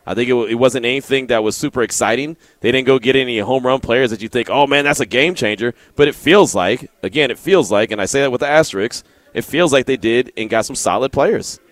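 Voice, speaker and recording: A man's voice: medium pitch, a little fast, dry recording. A man hosting a sports talk radio show, chatting casually and reading out listener texts. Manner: relaxed, conversational, reads listener texts.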